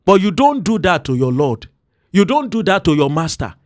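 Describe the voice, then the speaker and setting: Man, pastor, devotional podcast sermon, earnest, emphatic, drawn-out stresses, dry sound. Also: high voice, sing-song, dry recording. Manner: earnest, emphatic, slowing down to stress key words.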